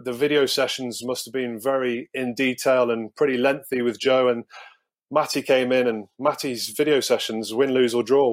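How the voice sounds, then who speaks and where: A man in his thirties, a guest telling a rambling story, repeating himself and laughing at his own anecdotes. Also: medium pitch. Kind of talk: casual storytelling.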